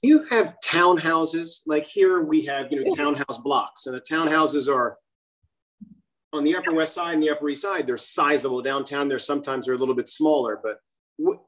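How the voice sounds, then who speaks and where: A host interviewing guests in a casual chat, asking rapid-fire follow-up questions. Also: medium pitch, fairly bright tone.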